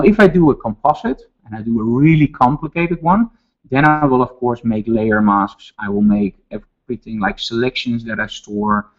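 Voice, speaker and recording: A man with a Dutch accent teaching photo retouching step by step in a webinar, with relaxed asides. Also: mid-range voice, dull audio. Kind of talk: software tutorial webinar.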